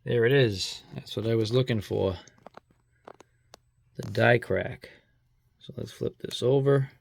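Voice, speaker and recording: A man's voice: medium pitch, takes it slowly, creaky. A man with a Boston accent, casually talking through a coin review, chatty and rambling with apologetic asides. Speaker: coin collector vlogger.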